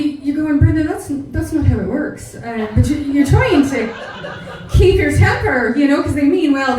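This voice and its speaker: An American woman doing a stand-up comedy set, with brash, profane, animated storytelling. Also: high-pitched. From United States. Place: comedy club stage. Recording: echoey club from far off.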